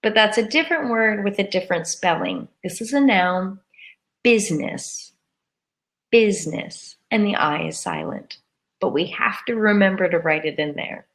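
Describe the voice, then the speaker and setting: A woman teaching a live English lesson, saying words slowly and carefully and repeating them for learners. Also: medium pitch, animated, fairly bright tone. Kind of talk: live-streamed grammar lesson.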